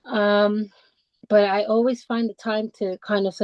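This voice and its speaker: A woman guest on a podcast, telling her own story in a halting, heartfelt way with many restarts and fillers. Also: mid-range voice, little pitch movement, dry recording, lo-fi sound. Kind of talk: personal conversational storytelling. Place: lives in the English countryside.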